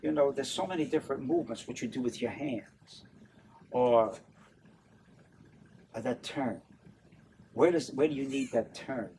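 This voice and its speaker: A man's voice: medium pitch, unhurried, long pauses, a little hiss or hum. Older new orleans guy, opera tenor, chatty and laughing, kinda far from the mic. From New Orleans, USA. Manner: animated, laughing often, acts out voices. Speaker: opera tenor and stage director, interview guest. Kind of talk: casual interview chat.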